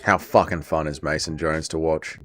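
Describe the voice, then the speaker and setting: Excitable Welsh man streaming fight commentary. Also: extremely low pitch, normal speed, faint music behind. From Wales. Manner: excitable, chatty, reads chat aloud. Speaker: livestream host. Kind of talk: casual livestream watch-along commentary.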